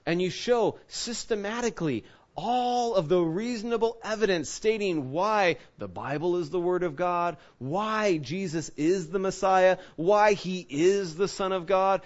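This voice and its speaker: A pastor with a high-pitched voice preaches a sermon, sharing a personal story in a chatty, conversational way and acting out the quotes. The audio sounds dull.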